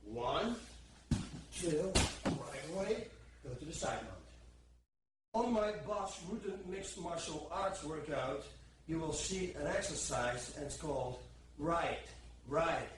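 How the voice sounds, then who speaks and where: In an echoey gym, a martial arts instructor with a fairly high voice gives a grappling demonstration, counting moves aloud as he shows holds and sometimes sounding strained under pressure. The mic is distant, with faint background noise and room echo.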